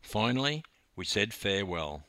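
An Australian man narrating his own memoir with wry, animated storytelling. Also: lowish voice, moderate pace, dry recording.

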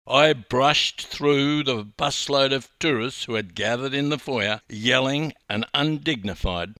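An older Australian man, a former swim coach, reading his own memoir aloud with wry, animated storytelling. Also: mid-range voice, slow pace, no echo, clean studio sound.

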